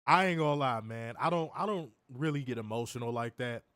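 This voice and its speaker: A man co-hosting a wrestling review, his voice worn and hoarse, ribbing his co-host with profane mock threats. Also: medium pitch, brisk, a bit bright, no room sound, clean studio sound. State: losing his voice. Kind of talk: casual podcast banter.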